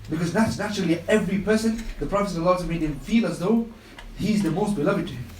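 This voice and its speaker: Male religious speaker with a high voice, impassioned and repetitive, live radio talk in a roomy space. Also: very fast, recorded from a distance, slight background noise. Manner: impassioned storytelling with emphatic repetition. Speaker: Islamic speaker on a radio show.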